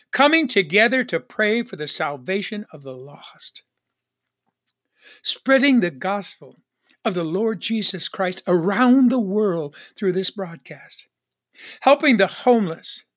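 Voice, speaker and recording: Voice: medium pitch, bright, forceful tone. A pastor delivering a broadcast sermon, repeating refrains and calling for an amen. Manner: repetitive preaching refrains, calls for amen. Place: Northern Arizona church ministry.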